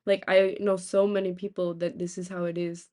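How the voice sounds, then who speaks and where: A young woman from the United States, a streamer telling rambling, animated stories in casual chat, swearing freely. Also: on the low side, normal speed.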